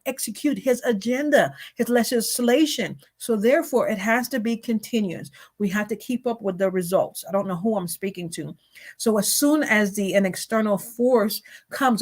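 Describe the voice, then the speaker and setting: A woman preaching a sermon in a conversational way, repeating phrases and asking rhetorical questions. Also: mid-range voice.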